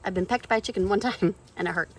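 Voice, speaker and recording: A woman's voice: quick pace, slightly rough. A woman, chatting casually on her home vlog about her chickens, garden and baking. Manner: chatty and animated, jumping up high when talking to animals and kids. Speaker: vlogger, mother of eight. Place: outdoors in a backyard chicken coop and kitchen.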